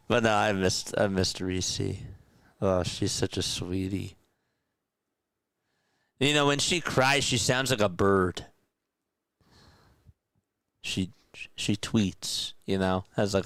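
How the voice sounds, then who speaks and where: A young man streaming casual radio-style play-by-play, chatting with viewers in a relaxed way between calls. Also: low-pitched, takes it slowly, pauses often, dry recording.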